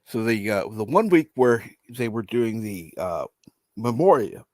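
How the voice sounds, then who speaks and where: A man's voice: lowish voice, big pitch swings, measured pace, darkish tone, dry recording. A man hosting a casual chat about pop culture, stumbling over words as he politely disagrees. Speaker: podcast host.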